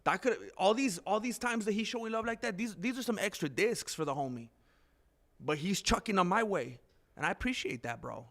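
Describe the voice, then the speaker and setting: A man's voice: high-pitched, lively intonation, fairly quick, fairly bright tone. A man hosting a casual live stream, chatting loosely to his viewers, calling them "bro" and laughing often. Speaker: livestream host.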